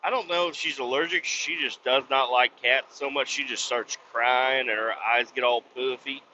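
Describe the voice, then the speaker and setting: A man hosting a podcast, ranting bluntly with lots of swearing and sudden loud outbursts. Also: medium pitch, fairly even intonation, normal speed, a little hiss or hum. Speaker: podcast host. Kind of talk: profane comic rant. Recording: slightly dull lo-fi recording.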